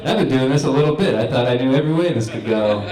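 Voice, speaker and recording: A man's voice: mid-range voice, animated, quick pace, roomy sound, a crowd in the background, rough recording. A young man doing a stand-up set in a comedy club, telling stories in a laid-back, rambling way. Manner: laid-back stoner storytelling.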